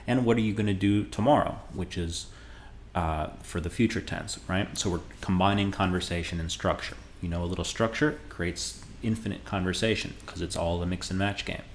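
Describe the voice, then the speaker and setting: A man with a very deep, low voice talks through a beginner lesson in a relaxed, conversational way. He slows down to model each phrase clearly. Faint room noise and keyboard typing sit quietly in the background. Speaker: Spanish teacher. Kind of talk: casual video lesson.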